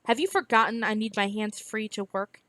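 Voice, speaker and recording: A woman's voice: mid-range voice, moderate pace, fairly bright tone, no echo, lightly acted. A woman reading aloud, voicing a stiff, haughty male scholar who speaks in a cool, clipped, formal way.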